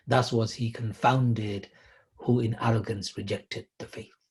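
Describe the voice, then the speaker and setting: A middle-aged man giving a sermon, retelling scripture emphatically, rising loud then dropping to a hush. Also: medium pitch, steady tone, moderate pace, husky. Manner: emphatic, swings between loud and hushed. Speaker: preacher.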